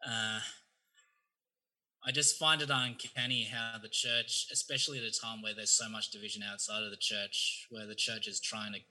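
An Australian man chats easily as a podcast guest, dropping casual slang. His tone is strongly bright and forceful. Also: fairly low pitch, moderate pace, rough recording. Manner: relaxed and friendly, uses slang. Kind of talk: casual chat.

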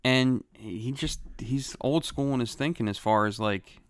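A man's voice: fairly low pitch, steady tone, normal speed, hardly any pauses, a bit bright. A man talking in an easygoing, reflective way, full of fillers, in a casual podcast chat.

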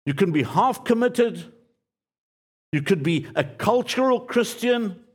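A man preaching a sermon as pastor, earnest and pleading, repeating key phrases and dropping to quiet, low endings. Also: animated, slow pace, breathy edge.

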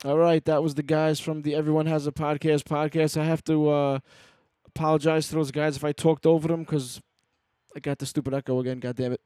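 A man with a New York accent hosting a podcast, relaxed and appreciative, sometimes stumbling over his words. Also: on the high side, dry recording. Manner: relaxed, appreciative, slightly halting. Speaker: podcast host. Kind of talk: casual chat.

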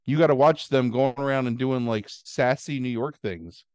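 A man on a podcast, recapping a film in a loose, rambling way and putting on goofy voices for its characters. His voice sits at an ordinary middle pitch, and the sound is dry and close to the mic. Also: moderate pace, dry recording. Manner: rambling, animated storytelling with silly put-on voices. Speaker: podcast host. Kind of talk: casual movie recap chat.

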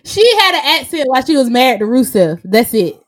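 High-voiced woman in a dry close recording. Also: sing-song, no echo. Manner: laid-back, drawn-out, laughing often. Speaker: podcast co-host reviewing wrestling. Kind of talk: casual chat.

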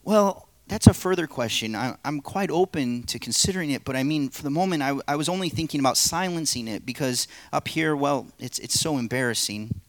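A man's voice: mid-range voice, a little fast, few pauses, dry recording, voice pushed up, close to an everyday voice. A male pastor acting a nervous, evasive man who stammers and makes excuses. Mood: nervous pleading. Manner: pleading, stammering, making excuses.

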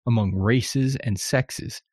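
A man's voice: mid-range voice, slow pace, a little mellow, no room sound, clean studio sound. A man hosting a podcast, talking through a scripted monologue in a conversational, wry manner. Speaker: podcast host.

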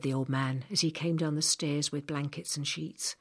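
A woman narrates an audiobook with a low, slightly husky voice. Her reading is measured and expressive, with a slightly breathy edge.

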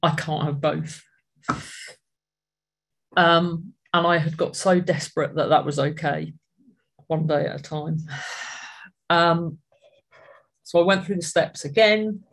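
An adult's medium-pitched voice, steady and fairly bright in tone, carries their personal recovery story at a support meeting. They speak earnestly and reflectively, with halting restarts.

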